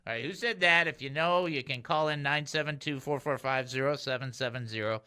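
A man hosting a call-in Christian radio show, chatty and animated, laughing easily as he jumps between topics. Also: medium pitch, a little fast, clean tone.

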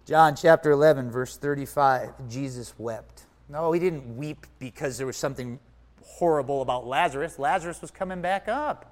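A man telling his story in a sermon, acting out his own thoughts and swinging from loud to hushed. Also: medium pitch, moderate pace. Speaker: preacher. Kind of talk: sermon testimony.

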